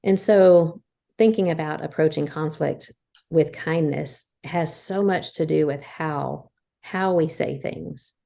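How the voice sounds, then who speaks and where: A woman in her fifties co-hosts a casual faith podcast, earnestly walking through her points one at a time. Her voice is low, slow, creaky and mellow.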